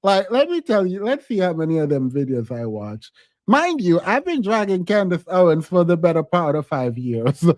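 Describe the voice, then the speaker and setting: A man's voice: high voice, very animated, normal speed, no room sound, studio quality. A man hosting a live stream, chatting casually and laughing often between his points. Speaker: streamer and commentator.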